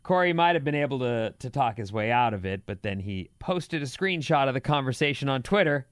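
A man's voice: mid-range voice, expressive, fairly quick, clean tone, no echo, studio quality. A man co-hosting a casual chat show, teasing his partner with prodding questions.

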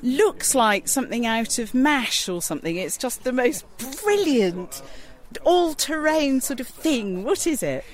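A woman's voice: on the high side, big pitch swings, a little slow. A woman radio presenter chatting enthusiastically on an outdoor walk, recorded outdoors on a handheld recorder. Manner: enthusiastic, chatty, laughs often. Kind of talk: outdoor radio feature chat.

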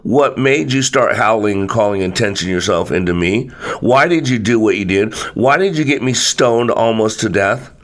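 A man's voice: on the low side, normal speed, close to an everyday voice. A man voicing a put-upon male camel in a spoken folktale, pleading and reproachful by turns. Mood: angry.

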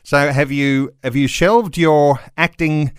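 Male radio host, measured. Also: a little high, steady tone, clean tone, no room sound, studio quality. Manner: measured, with frequent "uh" pauses. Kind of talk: live radio interview.

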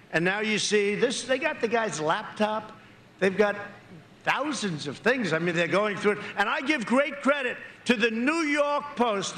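A man's voice: high voice, pushed and bright, slight background noise. Emphatic man speaking at an echoey rally. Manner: repetitive, emphatic, rambling asides. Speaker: political candidate. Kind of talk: campaign rally speech.

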